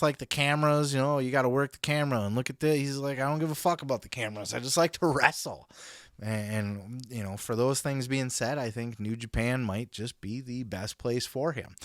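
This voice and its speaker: Excitable man commenting, dry sound. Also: medium pitch, no echo. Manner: excitable, swearing, laughing asides. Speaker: podcast host. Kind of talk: reacting commentary.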